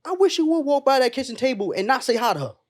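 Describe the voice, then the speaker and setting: A young adult man appears as a podcast guest and tells a personal story with emotion and earnestness, often calling his friends and the listener "bro." His voice is very high and sing-song, and he talks fast.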